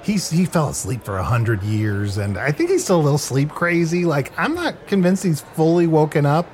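A wry adventurer tosses off teasing asides, played by a man, in a slightly high, lively voice. Faint noise sits beneath him. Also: normal speed, close to an everyday voice. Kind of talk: improvised comedy role-play.

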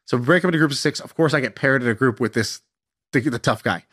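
Animated young man telling a story. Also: medium pitch, quick pace. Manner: animated, self-mocking, swears casually. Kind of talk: casual anecdote.

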